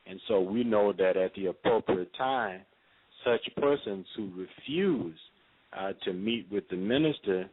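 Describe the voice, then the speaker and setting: A man giving a radio interview in a measured, preacherly way, with frequent fillers. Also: fairly low pitch. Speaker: interview guest. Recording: phone-line audio.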